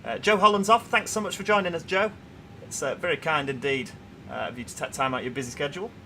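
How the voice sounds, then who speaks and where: With background noise behind him, a young Yorkshire-accented livestream host talks at a quick pace in a fairly high voice. He chats casually while reading out comments from his viewers.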